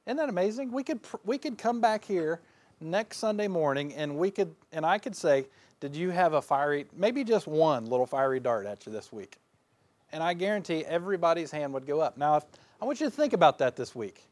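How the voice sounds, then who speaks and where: Folksy man preaching, self-mocking, higher voice. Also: animated, a little fast. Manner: folksy, self-deprecating, laughs often; swings between loud bursts and quiet asides. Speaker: pastor. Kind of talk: sermon.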